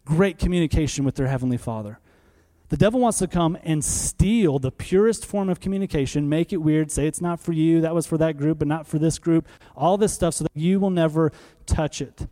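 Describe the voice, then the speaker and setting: A pastor in his thirties preaches a little fast, his slightly high voice mellow and warm. He's animated and conversational, chatting with the congregation and firing off rhetorical questions.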